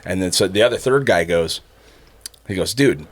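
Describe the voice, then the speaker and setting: A man's voice: low-pitched, normal speed. A man co-hosting a podcast, telling a long, profane joke in a loose, casual way with frequent laughs. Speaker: podcast co-host.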